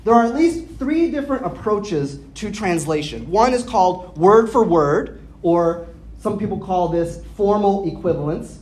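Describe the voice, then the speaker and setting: A woman preacher giving a teaching sermon, explaining things step by step, asking her listeners questions and sounding out Greek words slowly. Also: medium pitch, expressive, darkish tone. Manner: explanatory, asks the audience questions. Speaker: pastor.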